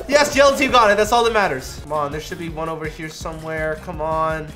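A young man giving excitable live gameplay commentary, trash-talking and yelling in bursts. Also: high-pitched, quick pace. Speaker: gaming YouTuber. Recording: music playing behind.

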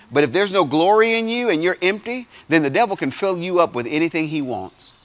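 A man preaching a sermon to young people, swinging between loud points and quiet asides. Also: a little high. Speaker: youth pastor.

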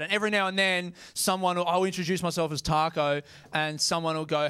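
A man's voice: on the high side, steady tone, fairly quick, few pauses, a bit bright, smooth, no room sound. A young Australian man performing stand-up, casual and self-mocking, swearing and laughing into his lines. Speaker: stand-up comedian. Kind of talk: stand-up comedy set. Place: comedy venue stage.

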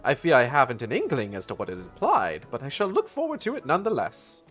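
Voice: mid-range voice, wildly swooping pitch, fast talker, fairly bright tone, soft background music. A streamer voicing a pompous, grandiose writer from a game, in a grand, over-enunciated manner. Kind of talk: reading game dialogue aloud.

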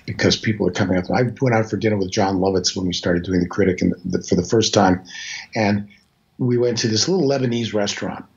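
A man's voice: lowish voice, fast talker, gravelly, darkish tone. A Canadian voice actor in his sixties, chatting as an interview guest and telling rambling, self-deprecating stories. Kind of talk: casual interview chat. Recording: slightly dull lo-fi audio.

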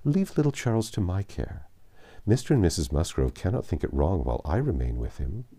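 A man reading a classic novel aloud, voicing a calm, sensible woman who speaks gently and reasons with her sister. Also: deep voice, brisk, slightly rough, full character voice. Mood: soothing.

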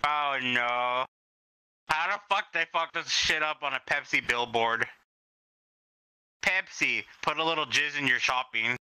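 A man's voice: mid-range voice, measured pace, pauses often, pushed and bright, smooth. A man joking crudely in a casual VRChat voice chat. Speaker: VRChat player.

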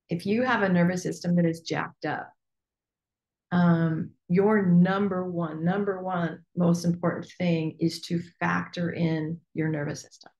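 A woman's voice: fairly low pitch, vocal fry, a little mellow. A woman coach hosting a group call, talking casually and candidly, laughing often and swearing lightly. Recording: echoey room.

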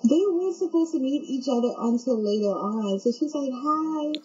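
A woman giving casual let's-play commentary, chatty and excitable, talking straight to her viewers. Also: a little high, a little fast, breathy edge, lo-fi sound. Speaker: game streamer.

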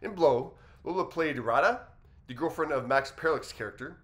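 A man hosting an entertainment news commentary, reasoning aloud in a measured way as he weighs a story. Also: fairly high pitch, a bit bright. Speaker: commentary host.

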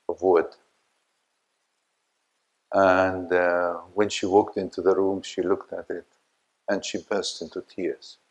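Older male lecturer, very low voice, unhurried, halting delivery full of fillers, poses questions to the audience. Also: poor audio. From Egypt. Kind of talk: academic lecture.

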